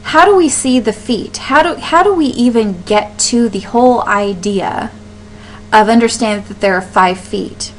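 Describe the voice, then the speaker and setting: A woman's voice: on the high side, moderate pace, slight background noise, low-quality recording. A woman teaching a recorded lecture over slides, explaining step by step, often asking a question and then answering it herself, with frequent ums and restarts.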